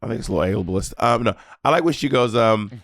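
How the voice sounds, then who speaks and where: Man, Atlanta accent, quick talker, theatrical, exasperated, podcast co-host, dry mic. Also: fairly low pitch, expressive, fairly bright tone, dry recording. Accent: Atlanta Southern. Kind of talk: casual podcast banter.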